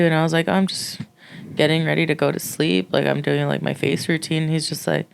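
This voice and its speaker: A woman in her twenties co-hosting a podcast, telling a story casually, swearing freely and acting out quotes in a high voice. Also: level tone, a little fast, vocal fry, a little hiss or hum. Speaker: podcast co-host.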